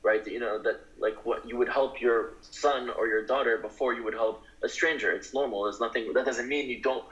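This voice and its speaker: A man's voice: mid-range voice, fairly even intonation, normal speed, few pauses, fairly bright tone. Earnest emphatic man, dull audio. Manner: earnest, emphatic, building to passionate declarations. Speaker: guest advocate. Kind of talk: interview talk.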